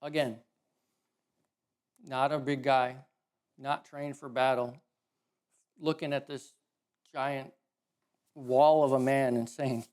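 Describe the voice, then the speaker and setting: A man preaching a sermon in a casual, animated storytelling way, correcting himself as he goes. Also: mid-range voice, slow pace, pauses often. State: emotional.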